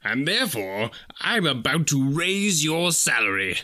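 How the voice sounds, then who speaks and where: A man voicing an old miser, newly kindly, who speaks softly and slowly in a storybook reading. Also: medium pitch, animated. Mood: warm. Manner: soft, hushed and slow.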